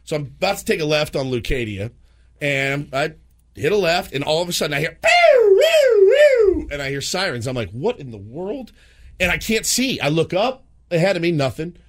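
Speaking a little fast in a slightly high voice, a man in his thirties shares a story on the morning radio show he co-hosts. He's animated and acts out many voices along the way.

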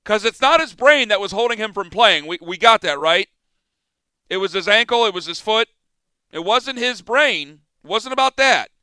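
A man hosting a sports radio show from a studio, talking in an animated, excitable way that jumps between topics. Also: high voice, moderate pace, smooth, no echo. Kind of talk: casual sports talk chat.

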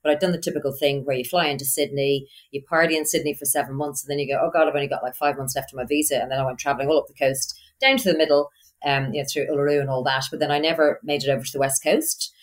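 A woman's voice: low voice, fairly even intonation, quick pace. A woman in her thirties with a Dublin Irish accent, a business owner telling her story in a chatty, laughing way. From Ireland. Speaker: guest, marketing business owner. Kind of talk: casual interview chat.

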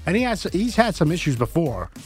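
Dry, quick co-host on a sports show. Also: male voice, on the high side, very animated, faint music behind. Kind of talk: casual sports chat.

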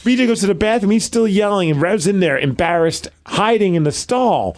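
A man's voice: high voice, animated, fairly quick, darkish tone. A man hosting a radio show, casually telling a funny anecdote from the station. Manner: chatty anecdote teller, laughs often. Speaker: radio host.

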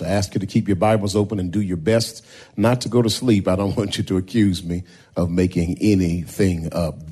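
A man preaching a sermon as pastor, drawing out key words slowly and building to loud, rising shouts. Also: sits low, fairly even intonation, husky. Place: church sanctuary.

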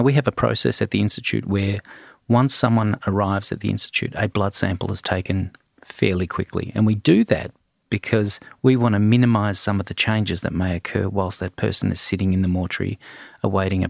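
A middle-aged man, a forensic toxicologist answering interview questions in a measured way, with frequent ums and restarts. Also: lowish voice, gravelly, dry recording, studio quality.

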